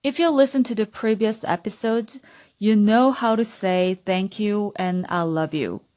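A woman with a Korean accent hosting a podcast, patiently teaching Korean words and repeating them slowly for learners. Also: mid-range voice, a little mellow. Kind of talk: slow language lesson.

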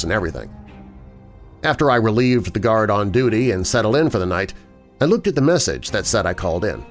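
A man hosting a show and narrating listener horror stories in a measured storytelling manner. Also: fairly low pitch. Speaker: host and narrator. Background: faint music.

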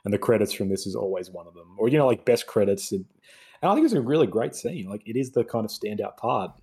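A man's voice: on the low side, expressive, fast talker, dark tone, slightly rough. A young man ranting sarcastically in a casual film review chat. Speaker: podcast co-host.

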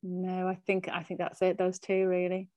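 Woman on a podcast, chatty, thinks out loud, dry close sound. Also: fairly low pitch, monotone, normal speed, dry recording. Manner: chatty, laughs easily, thinks aloud. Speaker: podcast co-host. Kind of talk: casual film chat.

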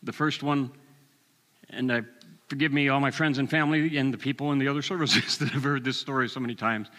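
A man in his sixties preaching a sermon, telling a personal story with animated delivery and chuckles. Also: mid-range voice, brisk, long reverb tail.

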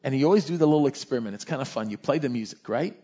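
A male pastor preaching a sermon in a lively, conversational way, often tossing in "right?" asides. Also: medium pitch, very fast, muffled recording.

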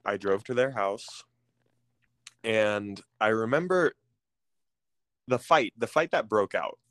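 A man candidly telling a personal story as an interview guest, pausing often with ums and restarting phrases. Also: fairly low pitch, lively intonation, fairly bright tone, no echo. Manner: halting, with frequent ums and restarts.

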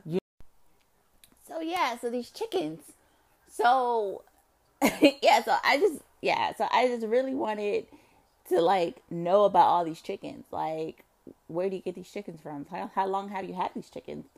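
A woman's voice: a little slow, vocal fry. A woman musing aloud to her viewers in a casual monologue, rambling with many fillers and swearing freely. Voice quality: expressive, swings between low murmur and loud outbursts. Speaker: vlogger.

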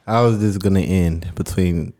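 A man's voice: sits low, normal speed, mellow. A man on a podcast, chatting casually and joking around with his friends. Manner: joking, playful. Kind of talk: casual chat. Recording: crowd chatter behind.

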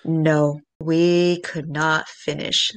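A woman telling a story in casual chat, animated, swearing and speaking straight to the listeners. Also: low-pitched, drawn-out words.

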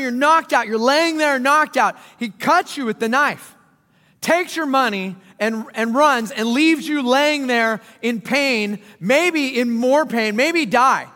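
Male pastor, high bright voice, casual joking sermon delivery, church hall reverb. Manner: conversational, joking preacher with dramatic swings in loudness. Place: church auditorium.

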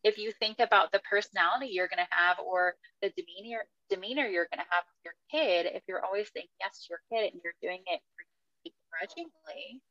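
A mother in her thirties talks openly on a podcast, her mid-range voice lively and frank. The recording is dry and close, with a slightly dull, muffled tone. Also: mid-range voice, quick pace, few pauses, no room sound. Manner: candid, animated storytelling. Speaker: guest. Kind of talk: casual podcast conversation.

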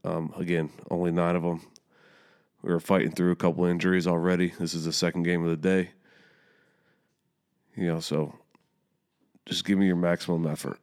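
A man with a very deep, low voice tells a story in a relaxed, casual way. He swears freely and gets more heated as he goes, as a young youth soccer coach speaking to his listeners. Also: moderate pace, long pauses, clear, resonant tone.

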